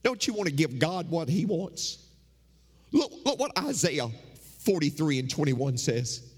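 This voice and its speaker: A man's voice: on the high side, big pitch swings, unhurried, breathy edge. A man preaching a sermon as pastor, emphatic and repeating his phrases for effect. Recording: long hall reverb.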